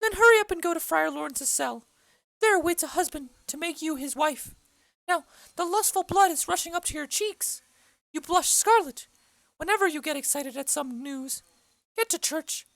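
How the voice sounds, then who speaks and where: A woman's voice: high voice, animated, normal speed, gravelly, a bit bright, no room sound, exaggerated voice. A woman voicing a fussy old nurse who grumbles about her aches and bosses and teases in an amateur play reading. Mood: bossy. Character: fussy old female nurse, teasing and complaining.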